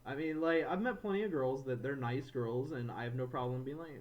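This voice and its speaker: A man co-hosting a podcast, telling a frustrated story in casual chat, animated and ranting, slipping into quoted voices. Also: medium pitch, fairly quick, muffled recording. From Florida, USA. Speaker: podcast co-host.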